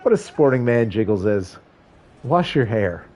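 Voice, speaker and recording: Mellow-voiced man calling a game stream. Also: medium pitch, very animated, a little slow. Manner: wry, joking asides between stat rundowns. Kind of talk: casual play-by-play commentary on a football video game.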